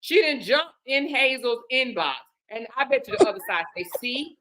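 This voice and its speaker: A woman, gossiping in a sassy, animated way on a casual chat show. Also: high-pitched, normal speed. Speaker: co-host.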